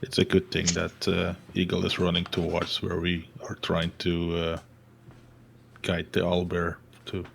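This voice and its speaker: A man's voice: low-pitched, monotone, measured pace, gravelly, slight background noise. A man playing a tabletop game over a call, talking through plans matter-of-factly. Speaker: player. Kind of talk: casual chat over voice call.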